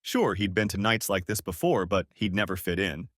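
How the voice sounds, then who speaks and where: A man narrating an audiobook story in a dramatic, expressive reading. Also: low voice, normal speed, no echo, clean studio sound.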